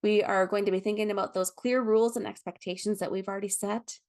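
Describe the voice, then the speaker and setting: A woman leading a foster care training lecture, explaining gently with frequent ums and self-corrections. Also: medium pitch, steady tone, fast.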